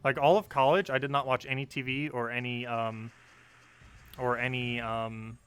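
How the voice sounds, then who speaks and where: A man's voice: mid-range voice, level tone, moderate pace, a bit bright, clear, resonant tone. A young man chatting casually on a game live stream, reading chat and laughing often.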